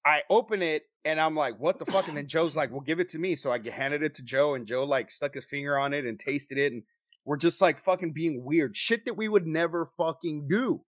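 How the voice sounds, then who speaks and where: A young man telling a story to friends in a casual, profane, animated way, acting out what people said. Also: fairly high pitch, brisk, no echo, clean studio sound. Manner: profane, animated storyteller who acts out quotes. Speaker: paranormal investigator telling a story.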